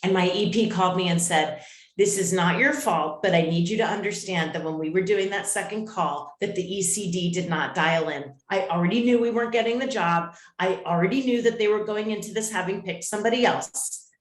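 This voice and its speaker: An animated woman venting in a casual group talk, her voice jumping up in bursts as she gets worked up. Her voice rings out in an echoey room. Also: lowish voice. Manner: animated, ranting, quick bursts.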